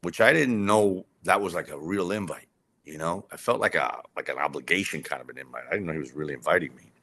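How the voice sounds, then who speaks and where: Man, low voice, forceful and bright, animated rambling storyteller, casual interview. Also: quick pace. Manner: animated, rambling, many fillers and restarts. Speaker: documentary director interviewing an author.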